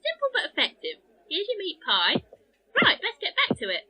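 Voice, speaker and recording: A woman's voice: very high voice, wildly swooping pitch, moderate pace, sharp tone, full character voice. A woman voicing a brash, teasing female jester in a fan audio drama, with a bouncy, mocking delivery. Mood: cheeky.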